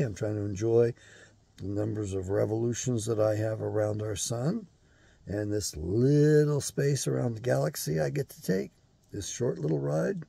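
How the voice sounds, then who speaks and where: A man's voice: lowish voice, gravelly, warm tone, breathy edge, no room sound. An older man hosting his own show, delivering a blunt, profane, angry monologue. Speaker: show host.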